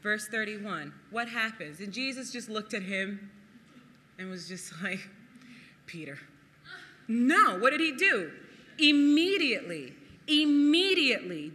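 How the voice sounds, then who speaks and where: Preacher, lively sermon, very bright tone, long hall reverb. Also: mid-range voice. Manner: animated, laughs often, acts out quotes. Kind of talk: sermon with Bible reading.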